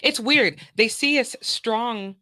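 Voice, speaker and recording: A young woman chatting as a guest on a casual show, making quick, playful remarks. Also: a little high, pushed and bright, dry recording, studio quality. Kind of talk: casual chat.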